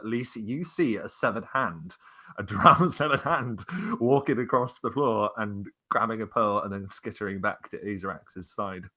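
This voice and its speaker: A man running a tabletop role-playing game, describing treasure-filled halls to his players. He speaks from a very low voice and often pauses on fillers as he paints each scene. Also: bright, forceful tone. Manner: descriptive, hesitant with many fillers. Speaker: game master.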